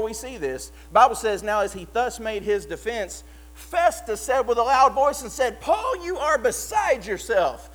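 A man delivers a sermon. He preaches with passion, rising to loud fervor and then dropping to a quiet, earnest tone. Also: high voice, poor audio. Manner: impassioned, swings from loud to hushed. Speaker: pastor.

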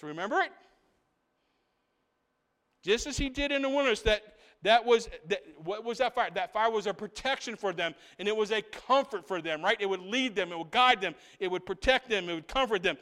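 A man preaching a sermon as pastor in a church. He swings between loud, rising proclamation and hushed asides, builds his points by repeating phrases, and keeps asking the congregation "right?". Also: sits high, moderate pace, long reverb tail.

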